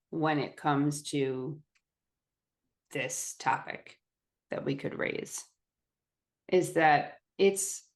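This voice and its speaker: A woman co-hosting a podcast in casual conversation, reflective and measured. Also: deep voice. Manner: reflective, measured, affirming with short "mm-hmm"s. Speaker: podcast co-host.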